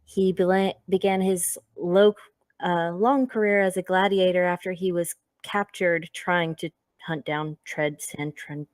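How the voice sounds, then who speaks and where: A woman's voice: fairly low pitch, fairly even intonation, measured pace, dry recording. A woman casually reading her character's backstory at a tabletop game over an online voice call, hesitant with frequent ums and self-corrections. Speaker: player.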